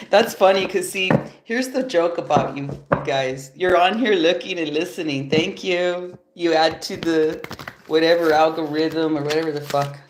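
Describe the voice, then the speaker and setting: A woman's voice: low voice, measured pace, a little hiss or hum. A woman with a stuffy, nasal voice doing a casual tarot reading on a livestream, laid-back and loose, swearing in passing and chuckling often. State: nasal from allergies. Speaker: tarot reader. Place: home after yoga. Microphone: phone.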